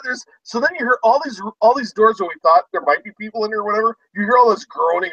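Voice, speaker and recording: A man hosting a casual chat among resellers, telling an animated story and acting out people's shouts. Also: extremely high pitch, fairly quick, breathy edge, no room sound, far from the mic, poor audio. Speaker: host.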